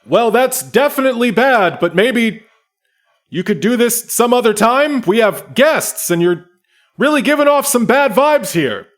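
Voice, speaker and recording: A man's voice: very high voice, lively intonation, measured pace, pitched above the performer's own voice. A man voicing an easygoing male tour guide at a magic college, chummy and upbeat. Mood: concerned.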